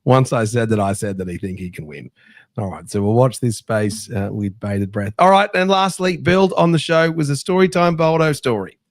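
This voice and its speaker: A man's voice: medium pitch, normal speed, no room sound, studio quality. Chatty Australian man telling a story. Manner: chatty storyteller, animated anecdotes. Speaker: podcast host. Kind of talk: casual sports podcast chat.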